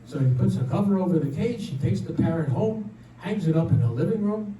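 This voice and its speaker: A man's voice: high voice, lively intonation, brisk, background noise. An older man telling jokes stand-up style, chatty and driving toward each punchline, laughing along at his own jokes. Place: community room at a senior residence. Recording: echoey room, mic at a distance.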